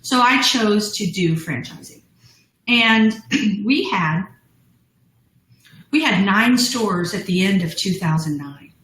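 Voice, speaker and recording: A woman's voice: medium pitch, animated, slow, long pauses, a bit bright, reverberant, rough recording. A middle-aged woman, a business founder, telling her story as a guest in a live interview, bubbly and laughing often. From United States.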